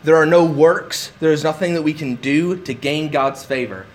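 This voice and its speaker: A man's voice: on the high side, normal speed. A man preaching a sermon, emphatic and repeating words for stress. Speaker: pastor.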